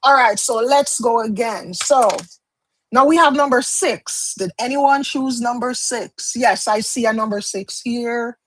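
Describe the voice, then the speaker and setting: A woman's voice: a little high, unhurried, a bit bright, no room sound, low-quality recording. Chatty woman reading tarot live. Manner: chatty, explanatory, often repeats and restarts phrases. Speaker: tarot card reader.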